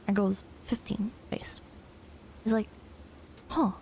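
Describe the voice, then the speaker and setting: A woman streamer telling a story in a rambling, animated way with casual swearing. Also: medium pitch, measured pace, vocal fry, a little hiss or hum.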